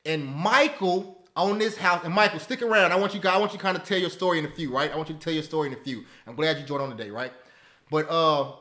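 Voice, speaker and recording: A man in his thirties hosting a live webinar, talking in an animated, preachy way that repeats phrases and keeps asking "right?" and "okay?". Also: fairly high pitch, quick pace. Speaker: webinar host teaching stock options. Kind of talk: live webinar talk, motivational.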